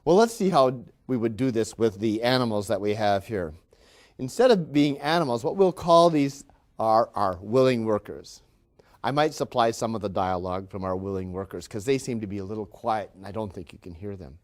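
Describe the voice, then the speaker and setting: A man giving a law lecture, explaining in a low-key way. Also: lively intonation, normal speed. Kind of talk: recorded lecture.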